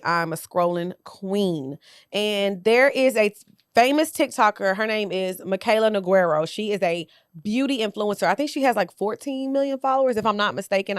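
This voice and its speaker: Speaking in a mid-range voice with a fairly bright, clean tone, a young podcast host offers casual, sassy commentary straight to her audience. The studio recording is clean, with no echo, and she doesn't mince words.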